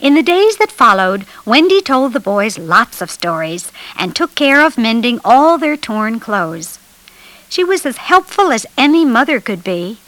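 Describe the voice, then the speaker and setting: A woman reading a children's storybook aloud in an expressive, animated way, lifting her voice for the children's lines. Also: on the high side, a little slow, no echo, rough recording. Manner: lively expressive read-aloud, raising her voice for children's dialogue. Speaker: storybook narrator.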